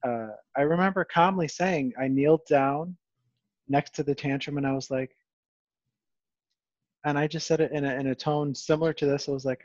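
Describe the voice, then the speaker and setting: A man's voice: a little high, steady tone, moderate pace, a little mellow, dry recording. A man hosting a casual podcast, talking in a rambling, self-deprecating way with lots of restarts. His voice is recorded close and dry, with no room sound. The audio is a little dull and lo-fi. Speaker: podcast host.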